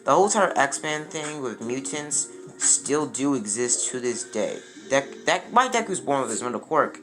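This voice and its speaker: Rambling man over loud music. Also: medium pitch, big pitch swings. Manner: rambling, halting, often correcting himself mid-sentence. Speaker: fan what-if storyteller. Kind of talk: unscripted fan-fiction narration.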